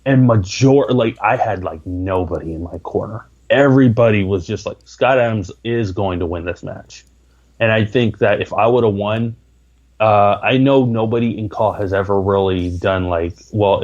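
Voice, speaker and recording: A man's voice: lowish voice, a little mellow, dull audio. A man talking as a podcast guest, rambling with lots of filler words. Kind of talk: casual interview talk.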